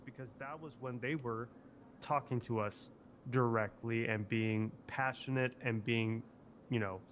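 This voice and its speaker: A man's voice: mid-range voice, slight background noise. A man streaming a roleplay game who rambles, swears casually and piles up fillers while trying for an Italian accent. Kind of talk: casual in-character game chat.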